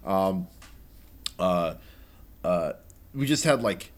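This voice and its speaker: A man in casual podcast chat, relaxed and easygoing, full of fillers. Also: sits low, very slow. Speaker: podcast co-host.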